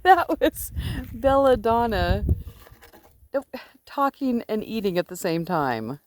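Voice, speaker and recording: Lively woman cooing at her sheep. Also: slow pace, a little hiss or hum. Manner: chatty, coos at her sheep in a high sing-song voice. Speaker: sheep farmer. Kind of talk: casual outdoor vlog. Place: outdoors by a pasture. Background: faint sheep bleats.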